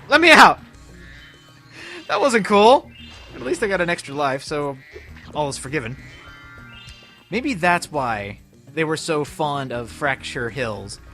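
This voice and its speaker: A man chatting his way through a video game, his voice bright and fairly high, swinging widely up and down as he talks. He bursts into loud playful outbursts now and then, with game music playing faintly behind him. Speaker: let's play host. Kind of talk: casual gameplay commentary.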